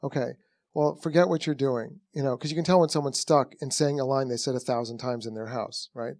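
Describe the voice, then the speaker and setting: A man's voice: mid-range voice, fairly quick, no echo, studio quality. A man, a film director, telling rambling anecdotes in an onstage conversation and acting out what people said. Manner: rambling, animated storytelling with acted-out quotes; frequent restarts and "you know".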